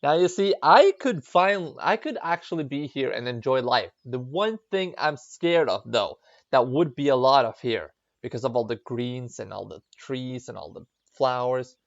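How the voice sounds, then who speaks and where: A man's voice: mid-range voice, animated, moderate pace, creaky, no room sound, muffled recording. A man from Norway, giving chatty, giggly commentary while reading a visual novel aloud. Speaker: let's play gamer.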